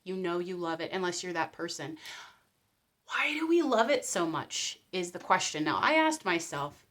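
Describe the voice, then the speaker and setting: Woman, vlogger, casual commentary, animated delivery, acts out quotes. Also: fairly low pitch, moderate pace.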